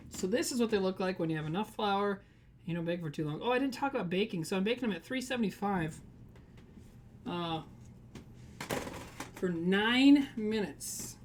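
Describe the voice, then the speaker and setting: There's a little background noise behind this man's high-sitting voice as he livestreams from his home kitchen. While baking cookies, he chats loosely with viewers, joking around, reading chat out loud, and laughing.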